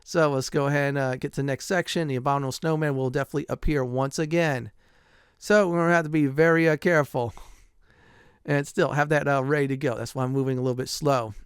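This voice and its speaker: A man's voice: mid-range voice, fairly even intonation, fast, clean tone, dry recording, clean studio sound. A middle-aged man giving casual commentary over a video game playthrough, chatty, with lots of "uh" fillers and frequent chuckles. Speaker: gameplay commentator.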